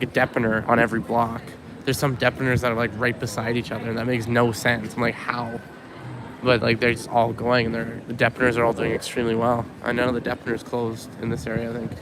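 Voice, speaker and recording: A young man from Winnipeg rambling casually while walking outdoors with a handheld camera, full of likes and ums. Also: mid-range voice. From Winnipeg, Canada. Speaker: vlogger. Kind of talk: casual walking vlog monologue. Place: outdoors on a city street. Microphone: handheld camera rig while walking. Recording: street noise and passing cars. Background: city traffic.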